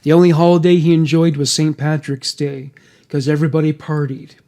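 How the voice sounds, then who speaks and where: A man narrating a first-person true-crime account in a steady, even reading voice. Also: a little high, a little fast.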